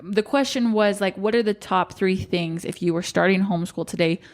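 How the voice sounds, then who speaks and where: A woman hosting a casual podcast interview, chatty and eager, with plenty of quick affirming fillers. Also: medium pitch. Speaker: podcast host.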